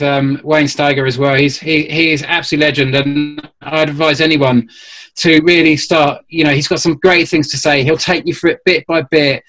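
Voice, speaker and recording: A man's voice: fairly high pitch, a bit bright, rough recording. A man talking as a guest on a call-in show, earnest and rambling, restarting his sentences often. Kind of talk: conversational call-in chat.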